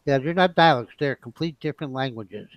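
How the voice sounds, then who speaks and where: A man's voice: mid-range voice, fairly quick, no echo, low-quality recording. A man from the United States in a casual group chat, talkative and insistent, often laughing.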